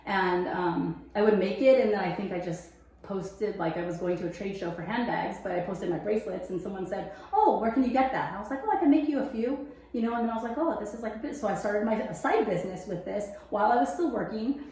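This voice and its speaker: A woman's voice: mid-range voice, quick pace, a little mellow. A woman in casual conversation, telling her story with animation and acting out her own past thoughts. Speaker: guest sharing faith testimony. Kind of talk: casual interview chat. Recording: very echoey room.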